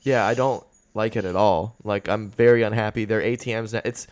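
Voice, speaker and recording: A man's voice: lowish voice, steady tone, brisk, a little mellow. A young man hosting a podcast, telling a road-rage story in casual chat, swearing often and getting worked up. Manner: profane, fired-up storytelling. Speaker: podcast host.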